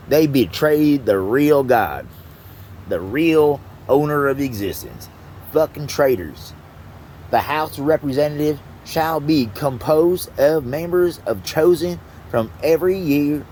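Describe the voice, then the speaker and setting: A man reading aloud slowly and haltingly, then breaking off into heated, profane ranting. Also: fairly high pitch, darkish tone, a little hiss or hum. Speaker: vlogger. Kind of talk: angry profane rant.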